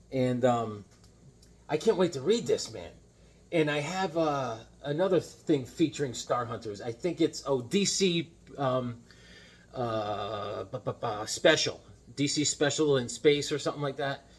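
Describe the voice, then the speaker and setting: A middle-aged man vlogging about comic books in a casual, rambling way, full of restarts and animated retellings. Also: a little high, husky. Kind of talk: casual chat.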